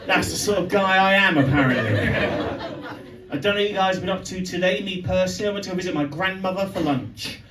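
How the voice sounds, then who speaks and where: A man's voice: high-pitched, quick pace, a little hiss or hum. A young man doing a stand-up comedy set, telling stories that build to punchlines. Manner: animated storytelling with punchlines. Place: pub venue with live audience. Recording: echoey live room from far off. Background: audience laughter.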